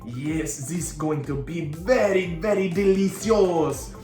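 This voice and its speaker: A man's voice: on the high side, slow, a little mellow, reverberant, faint music behind. A man hosting a children's cooking demonstration, talking playfully and tossing in mock-French exclamations. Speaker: children's show host.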